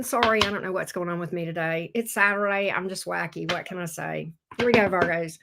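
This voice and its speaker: Chatty, excitable woman tarot reader. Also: lowish voice, moderate pace, slight background noise. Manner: chatty and excitable, swears when thrilled. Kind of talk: casual live tarot reading.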